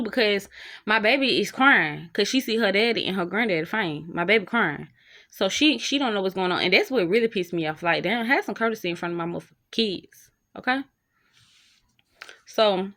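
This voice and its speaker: A young woman, telling a casual storytime straight to her viewers in an animated, slang-filled way. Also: medium pitch. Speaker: storytime vlogger.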